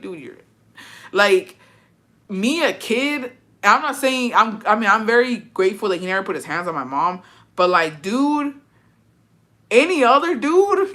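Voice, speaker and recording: Woman vlogger, bright voice, casual storytelling, profane and blunt, mixes in Spanish. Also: low-pitched.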